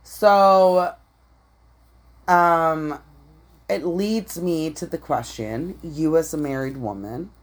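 A woman co-hosting a podcast, chatting casually in a brash, profane way with loud laughs. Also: low voice, slow, pauses often. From Canada. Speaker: podcast co-host. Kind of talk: casual chat.

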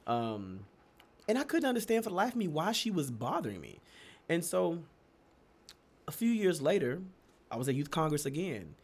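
A young man from Texas telling stories in a casual chat, animated and laughing often, his pitch leaping up for emphasis. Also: moderate pace, long pauses. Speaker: podcast co-host.

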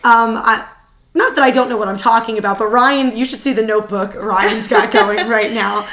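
A woman co-hosting a podcast in casual chat, her voice worn out and tired, talking in an excitable, chatty way with quick asides. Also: a little high. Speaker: podcast co-host.

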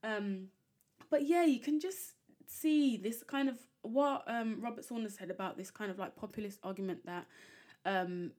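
A woman hosting a history podcast, commenting in an animated, exasperated way and reading quotes aloud. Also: medium pitch, normal speed. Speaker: podcast host.

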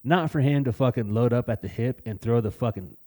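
A man co-hosts a casual podcast, telling blunt, profanity-heavy stories from his youth in a storytelling chat. His voice is mid-range and mellow, and he speaks a little fast.

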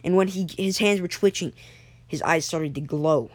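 A young storyteller improvising a story episode, halting, with frequent restarts and self-corrections. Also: medium pitch, noisy background.

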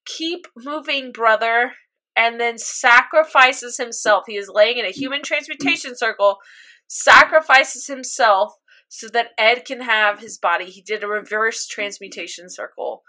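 Young woman chatting about an episode, really animated, bright high voice. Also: normal speed. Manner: animated storytelling, acts out reactions. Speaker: podcast co-host recapping an anime. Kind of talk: casual chat.

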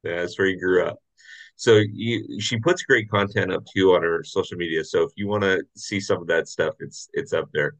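A man hosting a relaxed podcast, his voice sitting on the low side. He jokes and laughs readily, keeping the tone friendly and loose. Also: moderate pace, rough recording. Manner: friendly, jokey, laughs often. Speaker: podcast host. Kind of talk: casual podcast chat.

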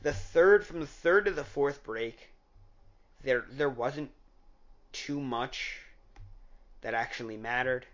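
A man's voice: mid-range voice, slow pace, pauses often, a bit bright, dull audio. A man giving a casual, opinionated recap of a political debate, rambling and often correcting himself mid-sentence. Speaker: political commentator.

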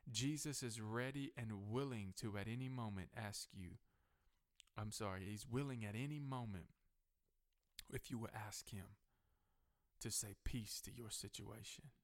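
A male pastor delivers a sermon, escalating repeated refrains to louder, higher peaks and lowering to a softer, slower voice when giving personal testimony.

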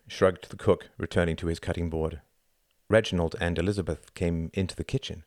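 A man reading an audiobook in a measured, deliberate style. His voice sits very low. The recording is close and dry, with no room sound. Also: level tone, no echo. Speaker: audiobook narrator. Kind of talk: scripted narration.

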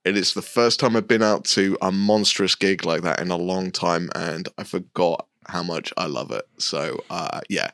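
Man, podcast co-host, lowish voice, dry recording, enthusiastic rambling. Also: moderate pace, hardly any pauses, a bit bright, no echo. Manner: rambling, enthusiastic, laughs often. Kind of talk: casual chat.

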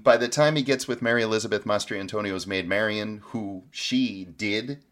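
A man with a fairly low voice delivers dry, sarcastic movie commentary as a podcast co-host. He often chuckles at his own lines. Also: normal speed, fairly bright tone. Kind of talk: casual movie-review chat.

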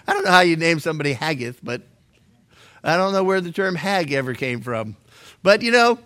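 A middle-aged pastor teaching scripture, his voice pitched high for a man and bright, almost sharp. He talks casually and cracks jokes, often tripping over his words and restarting as he goes. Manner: conversational and joking, with frequent stammered restarts. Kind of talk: verse-by-verse Bible teaching.

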